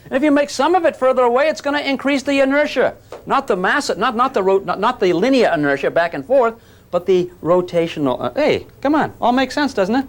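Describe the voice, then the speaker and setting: Jokey man lecturing physics with lively pitch. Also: normal speed. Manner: jokey, coaxing, calls students gang. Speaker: physics teacher. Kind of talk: classroom lecture with demonstrations. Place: classroom.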